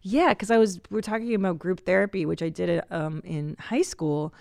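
Woman host, 40s, gravelly voice, chatty and self-mocking, dry studio sound. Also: on the low side, steady tone, normal speed, a little mellow, no echo. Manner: chatty, self-deprecating, rambling. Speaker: podcast host. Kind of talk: casual comedic monologue.

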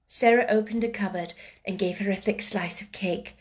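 A woman narrating a classic children's story aloud, expressive, sometimes slipping into a hushed whisper. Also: medium pitch, normal speed. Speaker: audiobook narrator.

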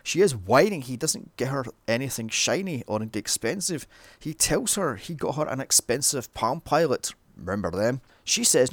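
A man's voice: mid-range voice, sing-song, normal speed, dry recording. A man recapping a film in a sarcastic, comedic way. He swears often and keeps breaking in with mocking asides.

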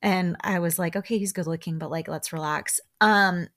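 Lady chatting thru a reality tv recap, laughs a lot, kinda low voice. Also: steady tone, moderate pace, fairly bright tone. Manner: chatty, laughs often, asides to listeners. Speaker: podcast host recapping reality TV. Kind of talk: casual recap chat.

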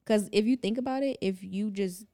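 Animated storytelling woman, AAVE. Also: mid-range voice, brisk. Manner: animated storyteller, acts out voices, loud laughs. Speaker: podcast co-host. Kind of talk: casual chat.

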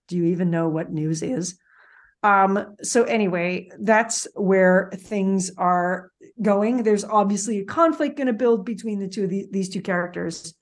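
A woman hosting a podcast, recapping a TV series in casual, opinionated chat, full of "like" and "um". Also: medium pitch. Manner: chatty and opinionated, with frequent "like" and "um". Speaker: podcast host.

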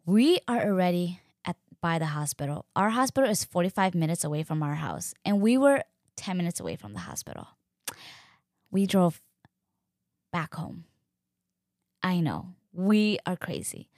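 A young woman telling a personal story in a chatty, animated way, full of "like" and acted-out quotes. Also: on the low side, moderate pace, no room sound, studio quality. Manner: animated, chatty, fills speech with "like", acts out quotes. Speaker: podcast host. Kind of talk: casual storytelling.

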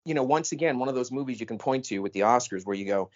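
A man co-hosting a podcast in casual chat, animated and emphatic, often cutting in. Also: medium pitch. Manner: animated, emphatic, quick to interrupt. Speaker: podcast co-host. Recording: slightly dull lo-fi audio.

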